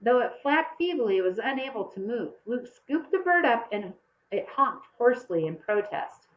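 A woman narrates a children's story with a lively, rising and falling pitch. She shifts her voice for the young characters as she reads. The recording sounds muffled and lo-fi. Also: moderate pace. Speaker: audiobook reader.

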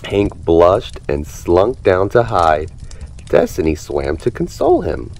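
A man reading a children's picture book aloud with expressive, animated storytelling. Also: deep voice, slow pace. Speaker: storybook reader.

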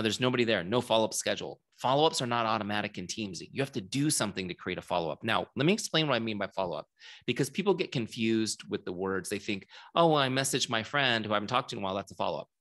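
A man with a fairly low voice teaches a group in a relaxed, conversational way. He keeps checking in with his listeners and tosses them questions as he goes. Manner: casual, chatty, asks audience questions. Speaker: software founder and trainer. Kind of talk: live training talk to a group.

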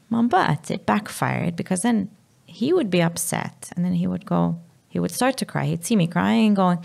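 Gravelly, low Maltese woman. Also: animated, a little mellow. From Malta. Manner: halting, drops to a whisper at times. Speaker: guest, mother. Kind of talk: candid podcast conversation.

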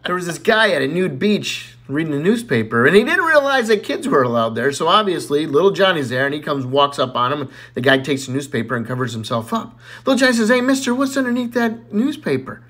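Man, casual joke teller, very lively pitch, storytelling. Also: fairly quick, few pauses. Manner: animated storytelling, laughs at own punchlines.

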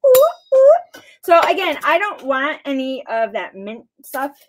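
A woman's voice: high-pitched, expressive, unhurried, a bit bright. A woman co-hosting a live stream, chatting casually and bubbly while mixing a cocktail. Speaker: co-host making cocktails.

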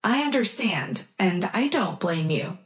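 A woman voicing a gentle, vulnerable young blind man in a story, speaking quietly and tenderly. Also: mid-range voice, lively intonation, a little slow, roomy sound, close to an everyday voice.

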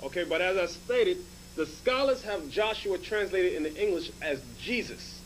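A man's voice: high-pitched, animated, normal speed, fairly bright tone, a little hiss or hum, poor audio. A man teaching scripture as a bishop, explaining passages point by point and prompting a reader to read aloud. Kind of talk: Bible lesson, directing a reader.

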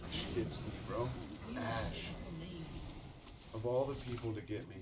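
A man's voice: mid-range voice, very animated, measured pace, background noise. A man from Colorado giving casual, laid-back commentary over his own gameplay, calling people "dude" and "bro" as a channel host. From Colorado, United States.

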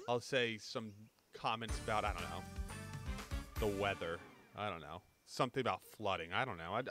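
A gaming YouTuber in his twenties, his voice mid-range, bright and forceful, chats casually over gameplay. He rambles through jokey anecdotes, mixing commentary with storytelling.

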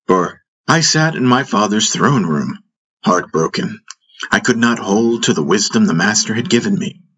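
Man, low voice, husky, solemn reflective audiobook narration. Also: a bit bright. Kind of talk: scripted first-person narration.

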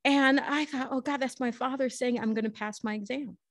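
A woman lecturer answering audience questions, speaking earnestly with frequent restarts and quick laughs. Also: sits high, fairly even intonation, dry recording, studio quality. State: tearful at times. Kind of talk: lecture Q&A, personal storytelling. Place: library lecture room.

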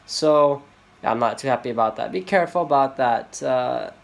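Poorly recorded on his own handheld phone, this man has a gravelly mid-range voice and a moderate pace. He vlogs from a rented house and nearby streets, rambling, complaining and filling gaps with filler words.

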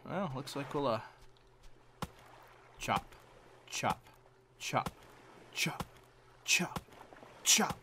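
A man's voice: medium pitch, expressive, very slow, long pauses, pushed and bright, slight background noise. A middle-aged man giving casual gameplay commentary, muttering to himself with lots of fillers and breaking into silly singing now and then. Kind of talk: casual let's-play commentary.

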